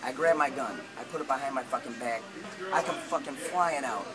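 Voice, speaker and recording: A man with a medium-pitched voice tells a long, rambling story at a fairly quick clip, swearing a lot and animatedly acting out what people said. The audio quality is poor.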